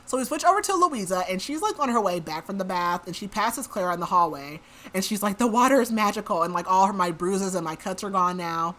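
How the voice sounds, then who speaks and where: Bright-voiced chatty woman podcaster. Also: medium pitch, expressive, brisk. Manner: chatty, says "like" a lot. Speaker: podcast host. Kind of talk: casual book recap.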